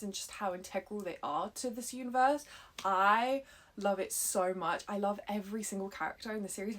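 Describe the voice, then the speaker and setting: Excitable, gushing tired woman. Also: mid-range voice. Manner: excitable, gushing, drops to whispers for emphasis. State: tired after hours of reading. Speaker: book vlogger. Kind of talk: casual reading vlog chat.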